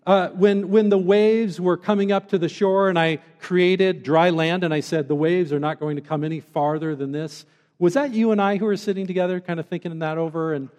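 A man's voice: high-pitched, fairly quick, a little mellow, in a large hall, close to an everyday voice. A man putting on God as a stern, sarcastic questioner. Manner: dry mock-polite sarcasm.

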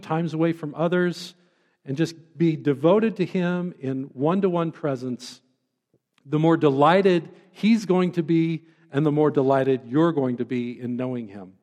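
A man's voice: on the high side, a little mellow, in a large hall. A man preaching a sermon as a pastor, earnest and pleading, drawing out the words he stresses.

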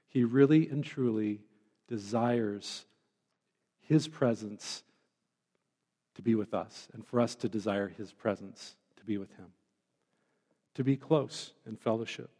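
A man's voice: fairly low pitch, a little slow, long pauses, mellow, long reverb tail. A man preaching a sermon as a pastor, earnest and pleading, drawing out the words he stresses.

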